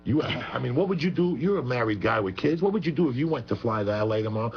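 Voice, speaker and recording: A man who rattles off rambling, profane rants at speed. His voice is gravelly and rough. It comes through a muffled radio recording with a faint hum. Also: medium pitch, lively intonation, quick pace. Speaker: guest. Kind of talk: heated profane talk radio chat.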